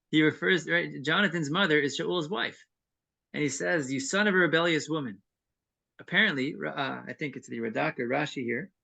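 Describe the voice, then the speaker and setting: Male scripture teacher with a bright, forceful tone who explains verse by verse. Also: on the high side, moderate pace, vocal fry. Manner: reads Hebrew verses then explains them; earnest and explanatory, with brief chuckles. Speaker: Torah class teacher. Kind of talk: evening text-study class.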